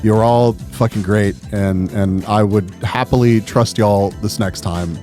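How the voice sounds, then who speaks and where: A man telling a con story in a casual vlog, swearing freely and getting exasperated. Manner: profane and animated, pitch jumping up when exasperated. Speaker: vlogger.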